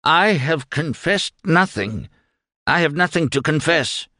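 A man's voice: fairly high pitch, expressive, pushed and bright, no room sound, studio quality, voice pushed up, heavily acted. A man voicing a frail, solemn old preacher. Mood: firm. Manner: slow, solemn, trembling. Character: frail old male preacher, dignified and defiant.

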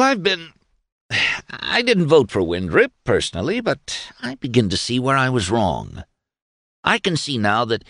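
A man's voice: medium pitch, a bit bright, no room sound, clean studio sound, voice pushed up, exaggerated voice. A man voicing a pompous, overly cordial young male lawyer with stiff, formal, senatorial speech in an audiobook reading.

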